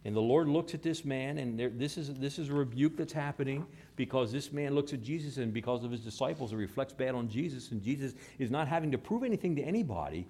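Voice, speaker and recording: A man preaching a sermon, moving between hushed, slow passages and raised, emphatic ones. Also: medium pitch, expressive. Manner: dramatic shifts between hushed and raised delivery. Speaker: pastor.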